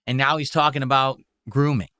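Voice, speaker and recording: A man's voice: medium pitch, level tone, a little fast, bright, forceful tone, clear, resonant tone, no echo. A man streaming live, giving casual reaction commentary in an incredulous, exclaiming way.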